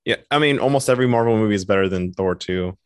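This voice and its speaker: Male co-host, low and dry, blunt opinions, casual cursing. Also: fast talker, smooth, no room sound. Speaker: podcast co-host. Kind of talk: casual chat.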